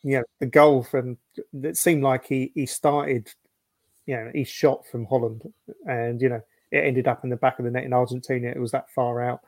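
A Scottish man, a football writer and podcast guest, telling relaxed anecdotes. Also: mid-range voice, normal speed, no echo. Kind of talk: casual podcast chat.

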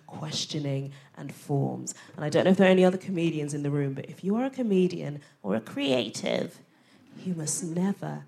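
Cheeky posh London comedian. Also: female voice, low voice, vocal fry, warm tone. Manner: cheeky, quick storytelling, punchy. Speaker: stand-up comedian. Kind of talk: live stand-up set. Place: theatre stage before a live audience.

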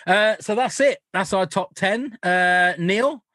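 A man's voice: sits high, takes it slowly, sharp tone, no echo, clean studio sound. A man co-hosting a podcast in casual, jokey banter, laughing often and mimicking swear words. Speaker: podcast co-host.

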